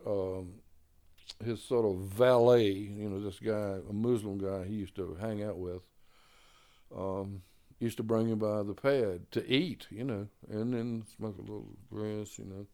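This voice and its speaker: At a measured pace and with a warm, clean tone, an older man who plays jazz relates long stories from his early days. His intonation stays fairly even, except when he lifts his pitch to imitate the people he quotes; "you know" and "man" come up often.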